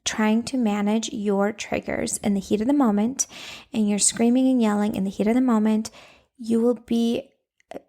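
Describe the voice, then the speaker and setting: A woman's voice: fairly high pitch, steady tone, moderate pace, dark tone. A woman hosting a solo podcast, coaching moms in a casual, direct way and often checking in with "okay?".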